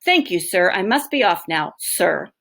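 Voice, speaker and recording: A woman's voice: fairly low pitch, very animated, a little slow, creaky, fairly bright tone, exaggerated voice. A woman voicing a cheeky twelve-year-old boy who works at a hotel, speaking with mock-posh politeness. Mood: mock-polite.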